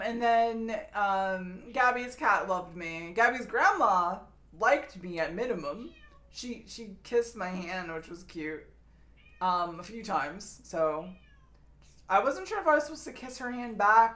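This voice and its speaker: A woman's voice: mid-range voice, expressive, measured pace, fairly bright tone. Rambling young woman streamer chatting. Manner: rambling, swears freely, many fillers. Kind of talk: casual chat with viewers.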